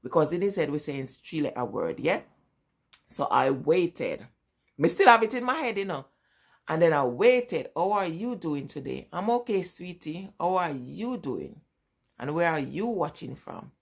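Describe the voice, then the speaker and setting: A woman's voice: low-pitched, big pitch swings, unhurried, vocal fry, breathy edge. A middle-aged woman with a Jamaican accent telling family stories in a casual vlog, often breaking into laughter. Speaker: vlogger. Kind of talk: casual storytelling.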